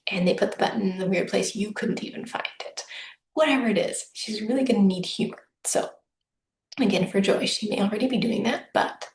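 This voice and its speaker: A human design business coach does a casual, upbeat solo reading in a mid-range, darkish voice. She's chatty and often acts out what her clients might say. The room is echoey with faint background noise.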